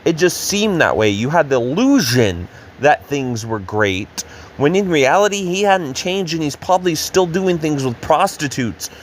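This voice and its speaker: A man's voice: fairly high pitch, big pitch swings, a little slow, slight background noise. A man co-hosting a reaction show, making emphatic points and repeating them. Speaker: co-host reacting to online posts. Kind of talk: casual reaction commentary.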